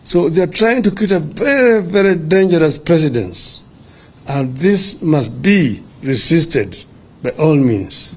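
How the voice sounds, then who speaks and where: An older Kenyan man delivers a press statement in a measured, deliberate way. His voice is a little high for a man but mellow and soft-edged. He pauses and restarts now and then while he answers reporters. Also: expressive, breathy edge. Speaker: opposition leader at a press briefing.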